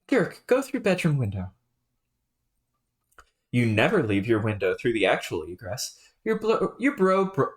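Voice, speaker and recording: A woman streaming a webcomic read-aloud, talking in a relaxed, rambling way with many fillers. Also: sits low.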